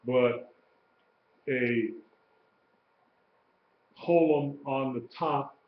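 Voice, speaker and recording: A man teaching a lesson in an informal way, repeating terms and correcting himself as he goes. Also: medium pitch. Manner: slow, repeats terms, many fillers and self-corrections. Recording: roomy, dull livestream audio with faint hiss.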